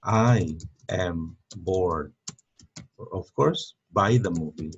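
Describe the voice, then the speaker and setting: Slow, gravelly man teaching English. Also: sits low, muffled recording, a little hiss or hum. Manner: slow, repeats words, many fillers. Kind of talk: online grammar lesson.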